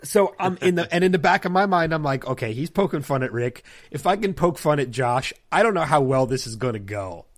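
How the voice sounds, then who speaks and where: A man with a slightly high, animated voice hosts a podcast, telling a long anecdote fairly quickly with few pauses. He casually acts out other people's lines.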